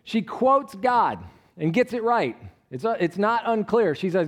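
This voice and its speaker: A man's voice: high voice, expressive, a little slow. Conversational man preaching a sermon. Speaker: pastor.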